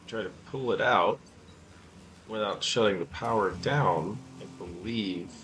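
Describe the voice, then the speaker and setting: A man's voice: lowish voice, measured pace, fairly bright tone, a little hiss or hum. A man giving offhand, mumbled let's play commentary while he plays. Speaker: gamer. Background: game music.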